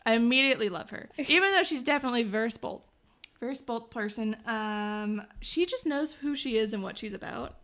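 A woman's voice: fairly high pitch, animated, normal speed, a bit bright. A woman co-hosting a casual podcast, offering opinionated analysis of characters in a TV show. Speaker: podcast co-host. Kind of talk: casual chat.

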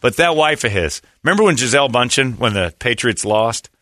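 A man from Indiana hosting a sports talk show, mocking and animated, slipping into put-on voices. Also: medium pitch, a little fast, no echo, studio quality. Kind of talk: casual sports banter.

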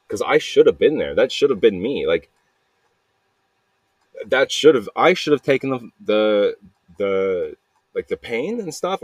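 Low and husky, this man's voice carries a casual, confessional voice message from a podcaster who rambles, repeats himself, curses a lot, and drops "man" and "dude" throughout. There is no room sound.

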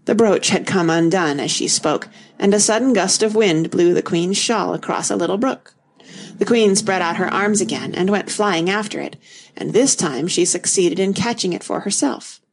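A woman reading a classic storybook aloud in an even, unhurried narration. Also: mid-range voice, slightly rough.

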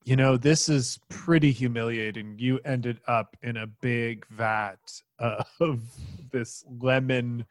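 A man's voice: mid-range voice, fairly even intonation, takes it slowly, few pauses, no echo, clean studio sound. A young man running a tabletop role-playing game as game master, narrating with playful relish.

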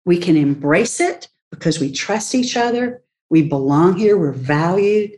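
Animated woman with a lowish voice. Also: a little slow. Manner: animated, acts out quoted voices, laughs often. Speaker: leadership expert and author, interview guest. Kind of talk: conversational interview talk.

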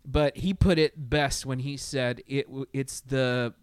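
A man in casual podcast chat, talking in a profane, animated way, with many fillers and restarts. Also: mid-range voice, a little slow, smooth, no room sound. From Latin America.

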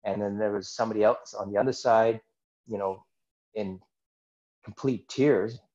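Man, low voice, earnest rambling storyteller, podcast guest, dull lo-fi sound. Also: steady tone, moderate pace, a little mellow. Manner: earnest, rambling, many "it's like" asides. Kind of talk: personal storytelling in a casual interview.

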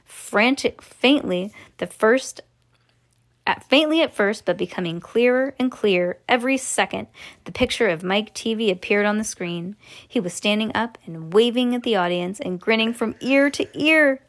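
A woman reading a children's book aloud in an animated way, with joking asides. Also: on the high side, normal speed. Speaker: reader.

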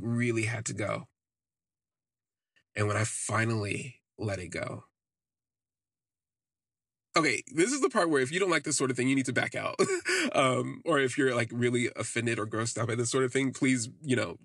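A podcast host with a medium-pitched, husky voice, fairly bright with vocal fry, tells a personal story in a recording free of room sound. He speaks candidly and rambles, leaning constantly on "like."

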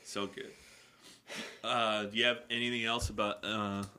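A young man with a very bright, sharp-edged voice, hosting a relaxed podcast chat. His talk is rambling and loose, full of swearing, and he laughs easily. His pitch sits a little low. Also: clean tone. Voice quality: rambling, profane, quick to laugh. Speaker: podcast host. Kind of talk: casual chat.

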